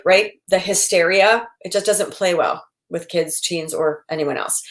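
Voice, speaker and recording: A woman in her forties, a psychotherapist, gives casual advice in a chatty way, acting out quoted lines of dialogue. Her lowish voice moves a little slowly with few pauses.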